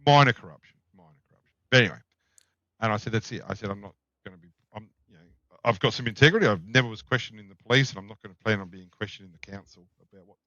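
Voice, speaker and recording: A man's voice: on the low side, racing, sharp tone, no room sound. Blunt Australian man telling stories. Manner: blunt, profane, anecdotal. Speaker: podcast guest. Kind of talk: casual storytelling. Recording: dull, dry lo-fi sound.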